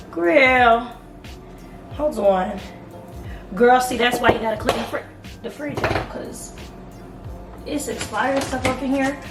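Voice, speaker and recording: Woman, hoarse, chatty vlogger, slightly high voice, roomy echo. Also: distant mic. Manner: chatty, keeps calling the viewer "girl" and "y'all". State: hoarse from singing. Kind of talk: casual chat to camera. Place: home apartment, kitchen and bathroom. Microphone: camera on a tripod. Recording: echoey room with music behind.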